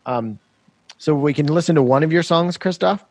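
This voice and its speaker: A man's voice: a little high, normal speed, darkish tone, dry recording. A man hosting a casual podcast chat about synthesizers in a laid-back way, laughing often and restarting his phrases. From Washington state. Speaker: podcast host.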